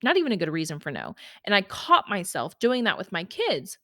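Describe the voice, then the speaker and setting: With wildly swooping pitch and a sharp tone, this podcast host speaks fairly quickly in a mid-range voice. She shares her own life casually and emotionally in a chatty monologue heavy on "like" and "y'all." The studio-quality recording has no room sound.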